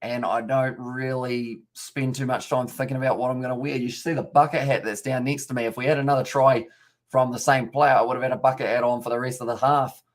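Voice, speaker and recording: A man's voice: mid-range voice, level tone, a little fast. A man from New Zealand giving casual live-stream commentary on a rugby league match, chatting with viewers and reading out chat between plays.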